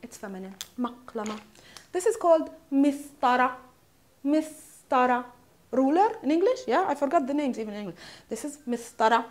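Lively Palestinian-accented woman teaching Arabic words. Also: high voice. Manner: repeats words slowly, checks in with "hmm?" and "yeah?"; shows objects while naming them. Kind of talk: casual vocabulary lesson.

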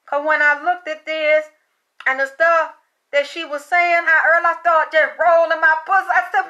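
A woman's voice: extremely high pitch, little pitch movement, moderate pace, sharp tone, highs cut off. A woman giving a casual tarot card reading, chatty and profane, often breaking into laughter. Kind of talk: casual spiritual reading monologue.

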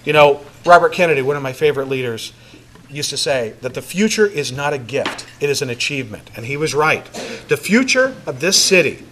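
A man delivers a speech to a packed banquet room, his voice sitting a bit high. He talks loosely and jokes, and often stops on "uh" and "um". A faint hiss runs under the recording. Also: big pitch swings, fairly quick. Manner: conversational and joking, with many fillers. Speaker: mayor giving a city address. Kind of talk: public speech to a crowd.

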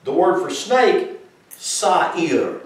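A man's voice: on the high side, expressive, unhurried. A man preaching a Bible-teaching sermon, emphatic and questioning his congregation directly. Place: congregation room. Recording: very echoey room from far off.

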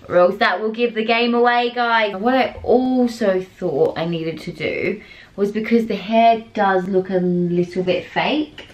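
A young Australian woman chatting casually to camera in a bubbly, giggly way from a small indoor room. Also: medium pitch. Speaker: vlogger. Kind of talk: casual vlog chat.

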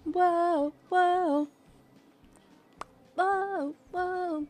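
A woman's voice: extremely high pitch, steady tone, extremely slow, darkish tone, soft background music. A woman hosting a gaming channel, chatting casually and playfully over gameplay with lots of giddy exclamations.

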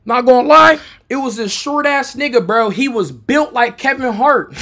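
Young american dude telling a story, cussing a lot, bright husky voice, goes from muttering to yelling. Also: male voice, a little slow. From United States. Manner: animated, profane, swings from low mutters to shouting. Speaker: streamer telling a personal story. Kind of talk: storytime chat.

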